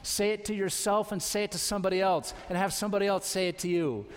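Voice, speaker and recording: High-voiced preacher in a reverberant church. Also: male voice, steady tone, quick pace, smooth. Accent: American. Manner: exhorting, repetitive calls to trust and obey. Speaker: pastor. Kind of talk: sermon. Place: church sanctuary.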